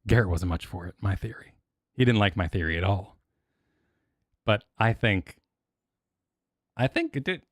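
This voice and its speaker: A young man reacting on stream in loose, rambling bursts, circling back over his own words. His pitch swings widely as he gets excited. The sound is close and dry. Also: moderate pace, long pauses, no room sound. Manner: rambling, animated, full of restarts and filler. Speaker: streamer reacting to event videos. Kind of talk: casual reaction chat.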